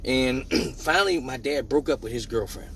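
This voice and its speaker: A man hosting a live show, telling a personal story in a casual, animated way, swearing freely and acting out the dialogue. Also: medium pitch, normal speed, a little hiss or hum.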